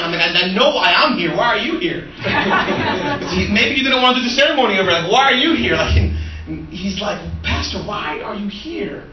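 A man preaching as a pastor, an animated storyteller who laughs and acts out the dialogue. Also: on the high side, muffled recording, slight background noise. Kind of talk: sermon with storytelling. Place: church sanctuary. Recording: echoey room from a distant mic.

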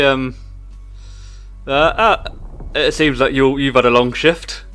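A man's voice: mid-range voice, fairly even intonation, slow pace, fairly bright tone, clear, resonant tone, soft background music. Hesitant player full of ums, man. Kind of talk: casual tabletop play.

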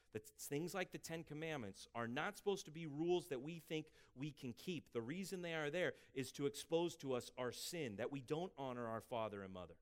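A man preaching a sermon as pastor, emphatic and rising for scripture, dropping quiet for asides. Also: mid-range voice. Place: church sanctuary.

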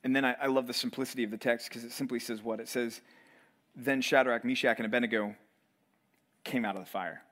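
A man's voice: medium pitch, steady tone, a little fast, a bit bright. A man preaching a sermon to college students, telling stories with playful acted asides. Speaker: pastor.

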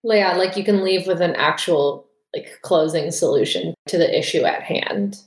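A woman's voice: fairly low pitch, normal speed. A woman hosting a podcast, chatting casually and bluntly, with the odd swear word. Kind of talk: casual chat. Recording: roomy echo.

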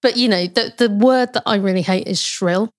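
A woman's voice: mid-range voice, normal speed. A woman, a corporate lawyer, talking frankly and emphatically in a casual conversation.

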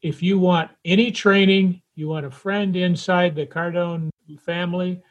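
A man hosting a casual interview, telling stories in a relaxed way. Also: high-pitched, unhurried. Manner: relaxed anecdotal storytelling. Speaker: podcast host. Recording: slightly dull lo-fi sound.

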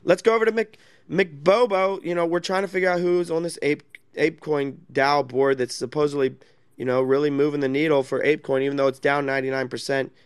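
A man's voice: fairly high pitch, steady tone, brisk, clean tone, dry recording, studio quality. A man hosting a casual chat in an online audio room. He speaks in a brash, mocking way and swears a lot. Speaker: host.

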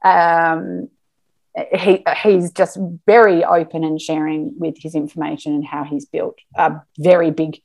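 A woman talking as a podcast guest in a casual interview, chatty and animated with plenty of fillers. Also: deep voice, unhurried, vocal fry. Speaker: podcast guest, marketing business owner.

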